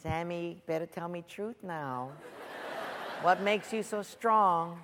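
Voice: mid-range voice, background noise, natural voice. Preacher putting on Delilah, a coaxing temptress. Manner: soft, wheedling and drawn-out. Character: coaxing seductive woman, Delilah. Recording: long reverb of a large hall.

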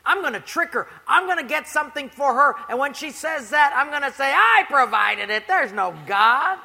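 A man voicing an irate, scornful woman next door who shouts and mocks. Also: high voice, lively intonation, racing, gravelly, slightly rough, in a large hall, full character voice. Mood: scheming. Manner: shouting, mocking.

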